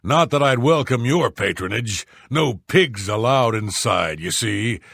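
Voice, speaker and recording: An actor voicing a series of rough male warriors, guards and sailors in video game dialogue, blunt and scornful. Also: medium pitch, lively intonation, unhurried, a bit bright, dry recording, studio quality, heavily acted. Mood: contemptuous.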